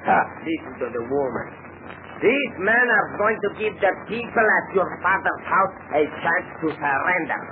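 An actor playing a boastful, bald bandit chief and wrestler who speaks broken English in a 1940s radio drama, heard on a noisy, scratchy broadcast recording. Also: male voice, high-pitched, lively intonation, normal speed, phone-quality sound. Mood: blustering. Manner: broken English, blustering, laughing.

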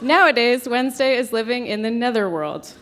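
A woman's voice: a little high, lively intonation, fairly quick, background noise. A woman at a live reading show, reading aloud a story she wrote as a child, in an amused way.

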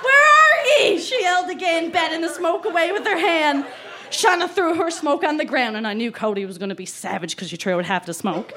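A woman with a Newfoundland accent reading her childhood diary aloud on stage, laughing through her lively delivery. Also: high voice, fairly quick, a crowd in the background. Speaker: reader at a live storytelling show. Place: live venue stage.

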